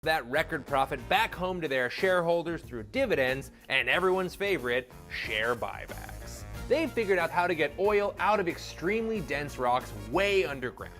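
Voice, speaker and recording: A man hosting an online video series, narrating a script with sarcastic, punchy comedy and sudden loud outbursts. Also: a little high, animated, normal speed, few pauses, faint music behind.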